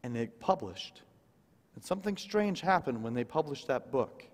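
A man preaching as a guest speaker, telling a story with big swings from loud emphasis to hushed quiet lines. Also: medium pitch, animated, normal speed. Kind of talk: sermon storytelling. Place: church sanctuary. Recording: long reverb of a large church hall.

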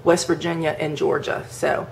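A woman's voice: low voice, level tone, moderate pace, creaky, a little hiss or hum. A woman from the northern United States hosting a home cooking video, chatting casually as she demonstrates a recipe, with fillers and rambling asides.

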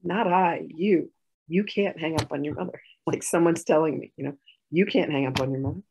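Animated woman reliving a childhood argument. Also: low voice, moderate pace, creaky, noisy background. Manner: animated, re-enacts arguments, laughs. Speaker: healing session participant. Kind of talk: personal storytelling in a session.

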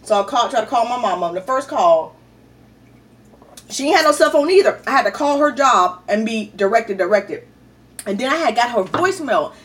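A middle-aged woman vlogger telling a story in a chatty, animated way and often calling out to her viewers. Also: fairly high pitch, normal speed, recorded from a distance. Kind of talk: casual storytelling.

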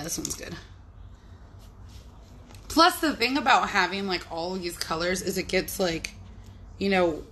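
A woman's voice: fairly low pitch, a bit bright, slight background noise. Chatty young woman talking to herself. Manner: chatty, rambling, playful, talks to herself. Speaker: artist livestreaming. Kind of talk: casual chat while working.

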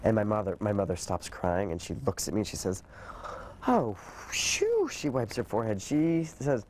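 Deep-voiced man telling his story. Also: brisk, a little hiss or hum. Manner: animated retelling with quoted dialogue. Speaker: interviewee. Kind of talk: personal storytelling.

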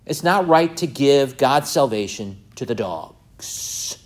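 A man's voice: mid-range voice, expressive, slow pace. A man teaching a Bible study class in a conversational way. He reads out verses, asks the class questions and acts out the people in the story.

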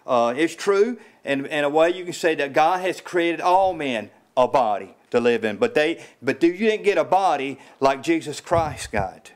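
A man preaching an informal sermon in a small house church, halting and repeating words with many fillers, his voice rising when he stresses a point. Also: fairly high pitch, expressive. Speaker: lay preacher.

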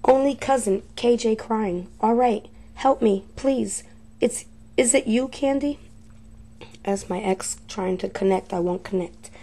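A woman hosting a paranormal video, talking casually to viewers and slowly reading out short recorded phrases one at a time. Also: a little high, mellow, slightly rough. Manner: slow, halting, reads phrases one by one.

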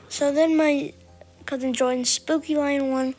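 Female game voice-over, high pitched, rambling and chatty, quick to get annoyed. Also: steady tone, darkish tone, soft background music, low-quality recording. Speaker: gameplay commentator. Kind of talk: recorded voice-over of gameplay.

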